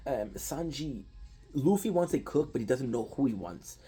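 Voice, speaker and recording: Guy rambling through an anime recap, husky dark voice, keeps restarting his sentences. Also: mid-range voice, expressive, normal speed, soft background music, low-quality recording. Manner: loose, restarting, swears casually. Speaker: anime commentator. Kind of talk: casual rambling retelling.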